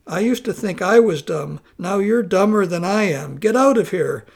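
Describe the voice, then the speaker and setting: A man voicing an angry wife in a spoken story, shouting and scolding her husband. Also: high-pitched, lively intonation, measured pace, vocal fry, full character voice.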